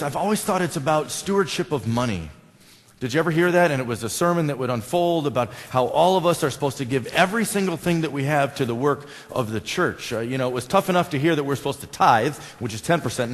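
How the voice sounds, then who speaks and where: A male pastor with an American accent, preaching a conversational sermon and putting questions to his congregation. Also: mid-range voice. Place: church sanctuary. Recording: long church reverb.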